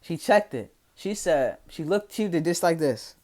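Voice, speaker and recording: A man's voice: a little high, expressive, measured pace, darkish tone. A young man with a Philadelphia accent telling a casual, profane, slang-heavy story to his followers. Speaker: vlogger.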